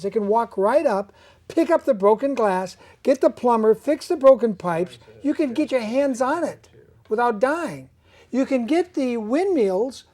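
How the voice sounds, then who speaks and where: A woman hosting a casual interview, her voice mellow and dark-toned and sitting a touch high. She talks in an animated way and builds out long hypothetical scenarios.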